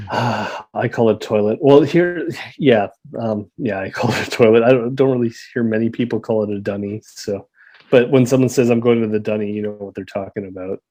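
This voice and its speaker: A man's voice: fairly low pitch, moderate pace, warm tone. A man in his thirties with a Canadian accent, chatting casually on a podcast and explaining local slang with easy laughs. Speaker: podcast co-host living in Australia. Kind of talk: casual chat.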